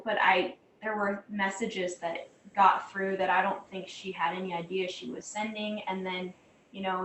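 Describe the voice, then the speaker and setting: A middle-aged woman and mother, chatting casually in a group conversation over a video call and telling stories animatedly. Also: mid-range voice. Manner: chatty, animated storytelling with many fillers. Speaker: mother sharing parenting experience. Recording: roomy, distant mic with faint noise.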